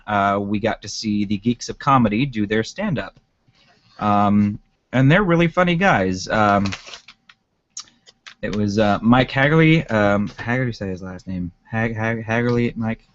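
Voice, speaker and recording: A man's voice: on the low side, unhurried, dry recording, dull audio. A man co-hosting a podcast in casual chat, rambling with lots of fillers and laughs. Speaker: podcast co-host.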